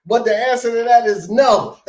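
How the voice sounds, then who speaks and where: A man's voice: extremely high pitch, a little mellow, echoey room. A man hosting a casual live sports talk show, slangy and emphatic, laughing often. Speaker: show host.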